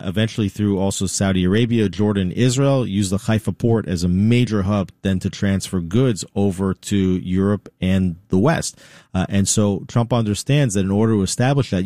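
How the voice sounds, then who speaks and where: A middle-aged man speaking as an interview guest with a very low, mellow voice. He talks in a measured way, often pausing on "you know". The sound is dry and close. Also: dry recording. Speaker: interview guest, news executive. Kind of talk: conversational interview.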